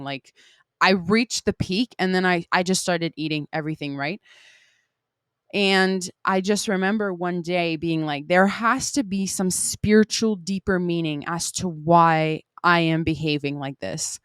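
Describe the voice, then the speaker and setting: Young woman podcaster, lowish voice, blunt and emphatic, lots of "like" and swearing, dry close mic. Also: clear, resonant tone, dry recording. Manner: candid and emphatic, frequent swearing and "like" fillers. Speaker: podcast host. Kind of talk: casual solo podcast monologue.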